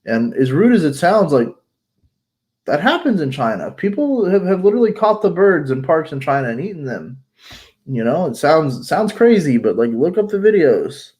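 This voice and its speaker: A man's voice: fairly high pitch, very animated, normal speed, a little mellow. A man chatting casually as a vlogger, talking bluntly and rambling with lots of fillers and restarts, congested from allergies. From United States. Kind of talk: casual chat.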